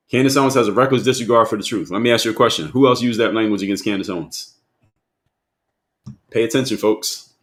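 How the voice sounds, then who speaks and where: A man hosting a live stream, talking straight to his chat in an emphatic way, repeating his points and asking viewers questions. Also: lowish voice.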